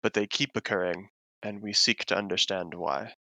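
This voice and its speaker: A man voicing a formal adventurer envoy, speaking in measured, earnest sentences. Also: lowish voice, fairly even intonation, vocal fry, pushed and bright, dry recording, exaggerated voice.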